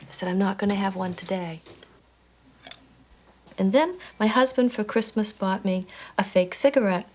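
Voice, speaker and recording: A woman's voice: medium pitch, darkish tone. A woman speaks candidly in a documentary interview, earnest and plain-spoken. She is married and talks as someone who gave up cigarettes. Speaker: interviewee, former smoker.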